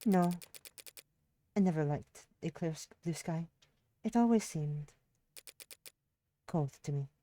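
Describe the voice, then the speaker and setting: A woman voicing a dry, detached male lawyer in a game, speaking in a deadpan way. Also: deep voice, slow pace, pauses often.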